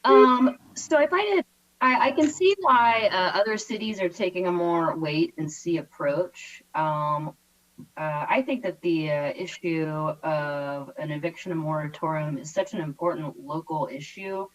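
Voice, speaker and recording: Woman, vice mayor, lowish pitch, hesitant and thoughtful. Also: unhurried, distant mic, lo-fi sound. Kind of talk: council meeting discussion.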